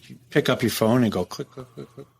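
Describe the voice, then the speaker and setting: A middle-aged man from the United States, a former prison captain, telling a story as a podcast guest in a casual, profane, animated way. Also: mid-range voice, fast, creaky, breathy edge. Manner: profane, animated storytelling, acts out quoted dialogue.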